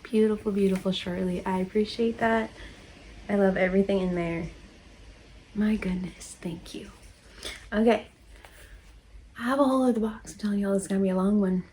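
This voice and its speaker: Chatty woman rambling on her vlog, gushy, mid pitch, a bit of faint noise behind. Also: steady tone, normal speed, long pauses, mellow. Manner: rambling, chatty, laughs often; gushing and emotional. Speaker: vlogger opening mail from viewers. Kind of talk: casual chat.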